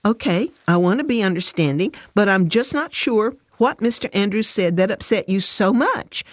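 A woman's voice: medium pitch, expressive, moderate pace, no room sound, clean studio sound, voice pushed up, close to an everyday voice. A woman playing a cautious, caring friend. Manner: careful and soothing. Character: patient, cautious female friend.

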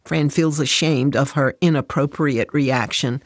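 Brief: woman reading a faith story, soft and steady, dead-dry booth sound. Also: low voice, normal speed, dry recording. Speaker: narrator.

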